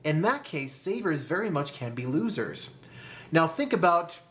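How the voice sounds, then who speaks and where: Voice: medium pitch, big pitch swings. A host giving a motivational talk to camera about money, calling the listener "my friend" and asking rhetorical questions. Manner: slow, deliberate emphasis on key phrases. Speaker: personal finance video host.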